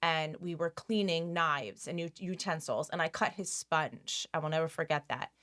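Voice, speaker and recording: A woman's voice: low voice, moderate pace, fairly bright tone. A middle-aged woman speaking as a guest in a casual conversation. She talks candidly and hesitantly, and laughs easily.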